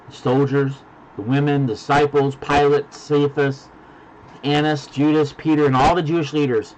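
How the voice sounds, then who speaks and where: A man preaching a sermon as pastor, dropping to hushed, deliberate lines and building to loud emphasis. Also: medium pitch, steady tone, dull audio, slight background noise. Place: virtual church service.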